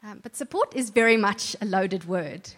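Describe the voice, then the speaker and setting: A woman's voice: mid-range voice, normal speed. A woman giving an earnest, conversational church talk, often restarting her sentences. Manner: earnest, warm conversational preaching with self-corrections. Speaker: church speaker. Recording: long hall reverb.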